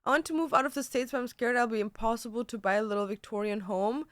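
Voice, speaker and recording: A woman's voice: a little high, steady tone, fast, no room sound. A young woman chatting casually on a livestream, peppering her talk with "like" and swearing. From Germany. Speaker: streamer. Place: home.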